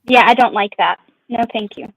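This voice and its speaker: A woman's voice: fairly high pitch, moderate pace, creaky, a bit bright, lo-fi sound. A woman streamer chatting casually in an open group conversation, musing and drawing out her phrases. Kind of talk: casual chat.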